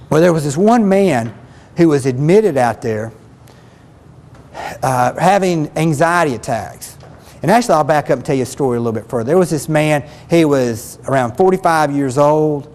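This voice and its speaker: A man's voice: medium pitch, a little mellow, long reverb tail. A man giving a spoken self-help lesson as a relationship counselor, earnest and plain-spoken, often repeating himself.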